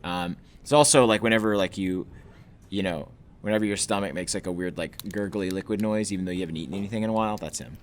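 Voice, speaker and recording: A man's voice: deep voice, quick pace, a little hiss or hum. A man co-hosting a comedy show, riffing with rambling, hammy asides. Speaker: show host.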